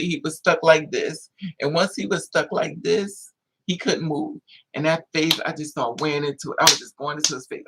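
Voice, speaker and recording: A vlogger telling a story casually to camera in an animated way, acting out the other people's voices with high squeals. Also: breathy edge.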